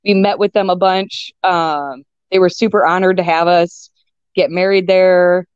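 A woman's voice: fairly low pitch, fairly even intonation, measured pace, a little mellow, smooth, no echo. A young adult woman in casual chat as a guest, rambling with fillers and restarts. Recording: dull lo-fi sound.

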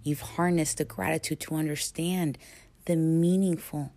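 A woman speaks slowly and earnestly in a lower voice, giving a motivational talk. She leans on words for emphasis, lets dramatic pauses hang, and sometimes sinks into a hushed whisper. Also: fairly even intonation.

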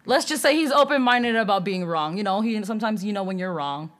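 A woman's voice: mid-range voice, lively intonation, brisk. A young woman co-hosting a casual podcast chat, teasing and laughing easily. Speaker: podcast co-host.

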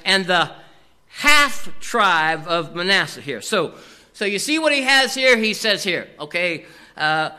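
Animated, bright-voiced man preaching. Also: high voice. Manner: animated preaching, repeats "here" constantly, questions the congregation. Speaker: pastor. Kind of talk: sermon.

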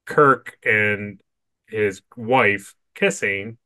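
A man's voice: on the low side, very slow, pushed and bright, no echo. A man co-hosting a podcast, chatting casually with a friend and reading plot summaries aloud, laughing often and stammering when he gives his own opinions. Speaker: podcast co-host. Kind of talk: casual chat and reading episode recaps.

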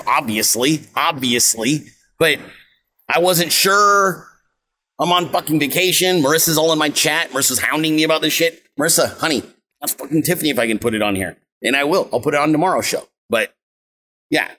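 A man's voice: mid-range voice, pushed and bright. A man in his thirties hosting a political show, ranting casually outdoors in a brash, mocking way with heavy swearing. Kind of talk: profane casual livestream rant. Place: outdoors on vacation, windy.

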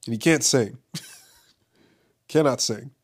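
A man's voice: mid-range voice, drawn-out words, husky. A young man from Los Angeles talking in a rambling, casual monologue, full of profanity, fillers and restarts.

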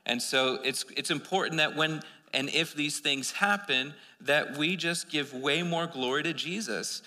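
A man's voice: on the high side, unhurried, bright, forceful tone, big-room sound. A man preaching a sermon, telling a story in a loose, rambling way with many restarts.

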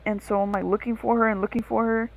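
A woman's voice: on the high side, fast, vocal fry, low-quality recording. Profane young woman telling a story. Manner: profane, rambling, animated. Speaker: podcast co-host. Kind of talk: casual storytelling on a podcast.

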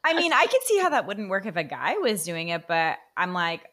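A woman hosting a podcast, reacting quickly and with enthusiasm. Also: fairly low pitch, very animated, a bit bright. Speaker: podcast host. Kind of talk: casual podcast chat.

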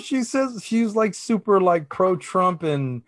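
A young man co-hosting a casual podcast speaks slowly in a high voice with lively intonation. He tells long, rambling stories packed with fillers and swears freely.

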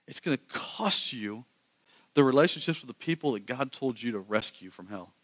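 A male pastor preaching a sermon, animated and quick, swinging from loud emphasis to hushed lines. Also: mid-range voice.

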